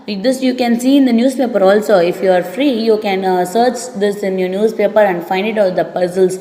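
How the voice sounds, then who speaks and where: A woman teacher with an Indian English accent giving an English lesson to pupils, repeating each word slowly and explaining it. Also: mid-range voice, dark tone. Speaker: schoolteacher. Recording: echoey room, long reverb.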